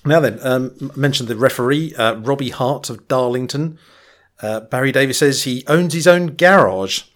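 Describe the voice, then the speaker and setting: A man's voice: medium pitch, normal speed, fairly bright tone. A man co-hosting a podcast in casual chat, making dry, wry asides with frequent ums. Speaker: podcast co-host.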